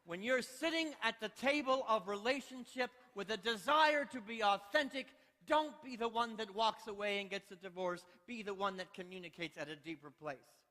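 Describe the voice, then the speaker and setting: A male pastor preaching a sermon, playful and exhorting, telling lively stories in a church sanctuary. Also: high-pitched, moderate pace, hardly any pauses. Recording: long church hall reverb.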